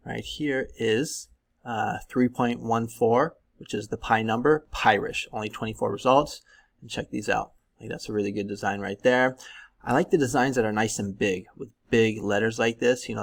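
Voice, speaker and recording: A man from California with a lowish, gravelly voice, walking through a screen-share tutorial. He talks in a relaxed, chatty way, filling pauses with ums and likes. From Northern California. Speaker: YouTube print-on-demand tutor.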